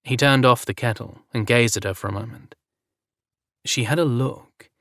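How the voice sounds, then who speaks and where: A man reading a romance story aloud as narrator in an even, measured way. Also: mid-range voice, no room sound, clean studio sound.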